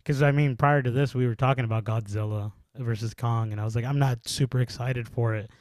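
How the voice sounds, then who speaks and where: A man co-hosting a podcast, talking about movies in an animated, laughing way with plenty of fillers. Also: mid-range voice, brisk, no echo. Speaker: podcast co-host. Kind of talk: casual chat about movies.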